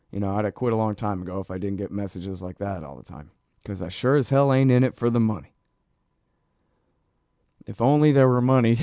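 A talk radio host speaks in a casual monologue, his lowish voice a little mellow, caught on a dry close mic. He's blunt, slangy and fast-talking, and tends to trail off into mumbles.

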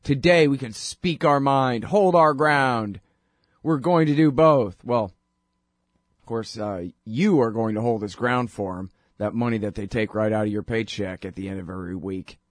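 A man's voice: medium pitch, moderate pace, no room sound, clean studio sound. A man hosting a talk show, delivering a sarcastic, opinionated political monologue that builds to indignant outbursts.

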